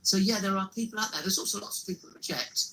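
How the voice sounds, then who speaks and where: A man's voice: high-pitched, very fast, a bit bright, slight background noise, rough recording. A man, a street evangelist who walks carrying a cross, telling his story earnestly in a casual interview and often repeating words.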